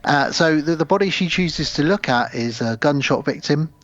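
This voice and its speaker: A man's voice: on the high side, lively intonation, normal speed. A man co-hosting a podcast in casual film chat, retelling a movie scene by scene and acting out the characters' lines. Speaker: podcast co-host. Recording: dull, muffled podcast audio.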